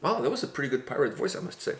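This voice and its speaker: A man's voice: fairly high pitch, very animated, very fast, a bit bright. A man co-hosting a reaction video in casual chat, rambling and joking, often stumbling over his restarts. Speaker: reaction channel co-host. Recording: echoey room.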